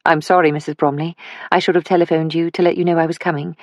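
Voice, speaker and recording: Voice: medium pitch, level tone, quick pace, no room sound, lo-fi sound, lightly acted. Voiced by the audiobook narrator, a young woman investigator speaks politely and with composure. She barely strays from the narrator's own voice. The reading is dry and close. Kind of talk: audiobook character voice.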